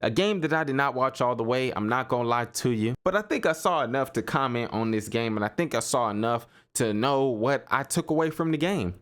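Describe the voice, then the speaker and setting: Animated man riffing on basketball. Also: mid-range voice, fairly quick, hardly any pauses. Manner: animated, repeats himself, laughs and riffs in disbelief. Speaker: sports podcast host. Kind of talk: casual solo sports commentary.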